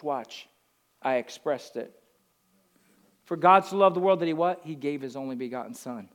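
Guy pastor preaching, kinda high voice, goes loud then real soft. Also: expressive, normal speed, pauses often. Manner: preaching with big swings from loud to hushed. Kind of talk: sermon.

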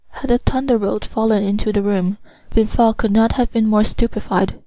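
A woman narrating an audiobook in a steady, measured storytelling manner. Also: mid-range voice, no room sound, rough recording.

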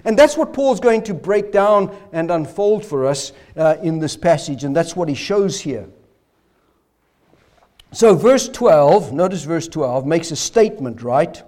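Hoarse male pastor, expository sermon, animated high delivery, keeps coughing. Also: unhurried. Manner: expository preaching with rhetorical questions, coughing. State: hoarse, voice failing.

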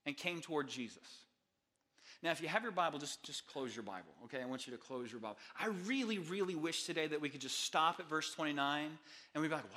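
Man, pastor, sermon, high voice, bright and forceful, animated storytelling. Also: normal speed. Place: church sanctuary.

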